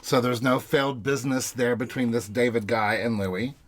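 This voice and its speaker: A man's voice: mid-range voice, fairly even intonation, moderate pace. A man co-hosting a podcast in a small closet studio at home, chatting casually and rambling with frequent restarts. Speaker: podcast co-host. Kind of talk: casual recap chat.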